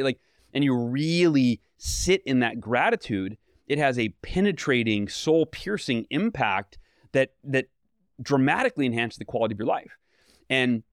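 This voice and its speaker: A man speaks as a podcast guest, spinning animated stories full of fillers and quick restarts. His voice sits in an ordinary middle pitch. The sound is dry and close. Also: no echo. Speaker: guest author. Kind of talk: podcast interview.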